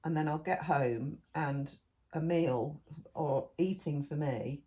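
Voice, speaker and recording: A woman's voice: low-pitched, takes it slowly, mellow. A middle-aged woman, co-hosting a podcast in casual chat, rambling through long lists and restarting her sentences. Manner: rambling, listy, restarts mid-thought. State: eating while talking. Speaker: podcast co-host.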